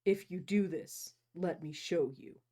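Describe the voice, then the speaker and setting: A woman reading aloud as a controlling wealthy young man, speaking low and deliberately. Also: mellow. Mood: coolly commanding.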